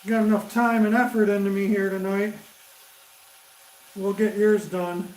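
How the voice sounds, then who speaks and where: Guy, high-pitched, relaxed shop talk to live chat, echoey workshop. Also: a little slow, slight background noise. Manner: chats with viewers by name, reads comments aloud. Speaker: woodturner streaming live. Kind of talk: casual livestream chat while working. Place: workshop with a lathe. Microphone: camera set up beside the lathe. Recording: roomy workshop echo.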